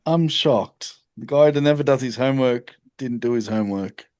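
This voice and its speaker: A man's voice: mid-range voice, normal speed, darkish tone. A man co-hosting a casual podcast, dry and teasing. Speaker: podcast co-host. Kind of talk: casual chat.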